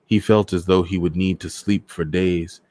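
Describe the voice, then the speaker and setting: A man hosting a storytime show, reading a novel aloud in a measured, dramatic way. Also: sits low, steady tone, dark tone. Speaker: storyteller host.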